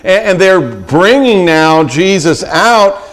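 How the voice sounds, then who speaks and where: A man's voice: sits high, expressive, slow, a bit bright, soft background music. A middle-aged man preaching a sermon as pastor, retelling scripture with vivid, acted-out quotes and frequent restarts.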